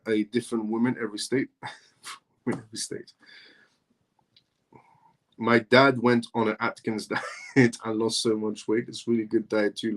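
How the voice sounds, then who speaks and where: Chatty male crypto live-stream host. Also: on the low side. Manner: loose, filler-heavy talk with frequent "um" and "essentially"; reads news articles aloud, then comments. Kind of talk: live-stream news commentary and Q&A.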